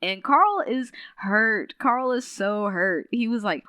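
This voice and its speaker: A woman podcast host casually recapping a novel's plot in a chatty, animated way, full of "like" and acted-out quotes. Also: unhurried, few pauses, clear, resonant tone, dry recording. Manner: chatty, filler-heavy retelling with lots of "like"; animated, quotes characters with shifting pitch.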